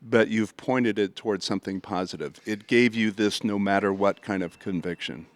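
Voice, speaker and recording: A man's voice: on the low side, moderate pace, dry recording. A man hosting a podcast, asking supportive prompting questions in a conversational interview. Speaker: podcast host.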